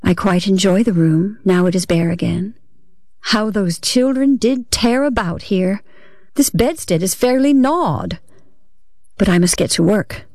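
A woman's voice: mid-range voice, lively intonation, a little slow, darkish tone, dry recording, studio quality. Woman reading a dramatic first-person story. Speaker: reader.

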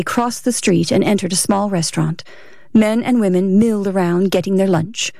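Mellow woman narrating a story. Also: mid-range voice, moderate pace, creaky, no room sound, clean studio sound. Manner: steady reading, varies voice for characters. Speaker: audiobook narrator. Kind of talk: scripted narration.

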